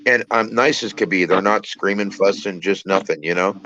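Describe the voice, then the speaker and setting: A man telling a personal story in a casual, halting way, repeating words and using many fillers. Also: low-pitched, pushed and bright, muffled recording. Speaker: trucker channel host.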